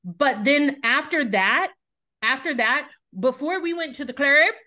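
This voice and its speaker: A woman's voice: sits high, unhurried. A woman hosting a podcast, recapping a reality show in casual, blunt chat with plenty of swearing. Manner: blunt, animated, swears freely. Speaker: podcast host.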